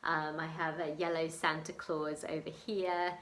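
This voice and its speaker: Speaking at a measured pace in a low, level, fairly bright voice, a woman from England shares a personal story for her vlog. She's chatty and emotional, laughing and saying um often, and the audio is roomy with slight background noise.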